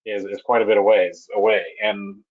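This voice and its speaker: Low-voiced man giving a halting technical webinar talk. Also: little pitch movement, husky, phone-quality sound. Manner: halting, with frequent restarts and fillers. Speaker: webinar presenter, bridge project manager. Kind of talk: technical presentation.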